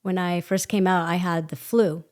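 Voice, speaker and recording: A woman guest telling a personal story in an animated way, laughing often and acting out quoted voices. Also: fairly low pitch, moderate pace. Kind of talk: conversational storytelling.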